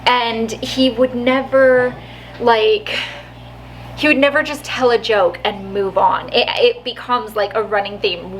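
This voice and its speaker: A woman's voice: mid-range voice, a bit bright, slight background noise, low-quality recording. A woman vlogger telling a story in a chatty way, laughing often and saying "like" a lot. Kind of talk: casual storytelling vlog.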